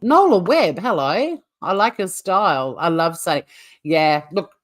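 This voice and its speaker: An Australian woman hosting a casual livestream, chatting to viewers in a rambling way with frequent laughs. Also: sits low. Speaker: livestream host.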